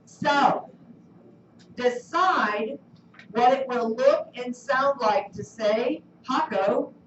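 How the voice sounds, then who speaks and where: A high-pitched woman teaches a class at an unhurried pace, quizzing her students and coaxing answers out of them. She is picked up from a distance in an echoey classroom, and the recording sounds dull. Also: slight background noise. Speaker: Spanish teacher. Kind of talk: classroom lesson.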